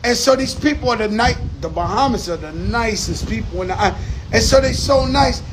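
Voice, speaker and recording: High-voiced man holding forth outdoors. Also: animated, brisk, slight background noise, low-quality recording. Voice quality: repetitive, emphatic, profane street talk. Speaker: show host. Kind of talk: casual outdoor monologue. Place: outdoors among palm trees by the sea.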